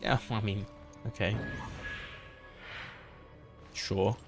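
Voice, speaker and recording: A man's voice: fairly low pitch, steady tone, very slow. A man talking to himself in a wry, muttering way while playing a video game. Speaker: gameplay streamer. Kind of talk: casual let's-play commentary. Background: game music.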